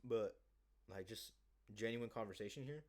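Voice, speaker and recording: Man, slightly low voice, casual vlog monologue, cocky, rambling, swears, salesy. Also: moderate pace, a little mellow. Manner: rambling, cocky, profane, acting out sales pitches. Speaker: sales job seeker.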